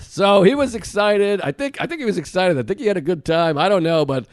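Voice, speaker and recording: A man on a podcast telling a story in casual chat, animated and excitable. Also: sits high, brisk, no echo. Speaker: podcast co-host.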